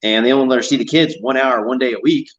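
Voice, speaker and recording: A man's voice: mid-range voice, fast talker, highs cut off. A man talking in a casual chat, rambling and repeating himself.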